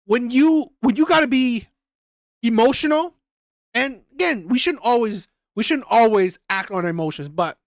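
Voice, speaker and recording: A man's voice: very high voice, moderate pace, no echo. A man hosts live reaction commentary in a fired-up, expletive-heavy rant. He loops back over the same phrases again and again to drive each point home. His voice comes through close and dry, with no room sound around it. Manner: heated, repetitive, profane. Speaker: reaction channel host. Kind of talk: ranting live commentary reading chat.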